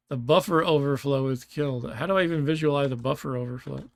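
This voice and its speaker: A man narrates his gameplay in a loose, chatty way, thinking out loud and breaking into laughs. His voice sits at an ordinary middle pitch. The sound is dry and close, with keyboard clicking in the background. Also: fast, gravelly, few pauses, dry recording. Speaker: gameplay streamer. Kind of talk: casual let's-play commentary.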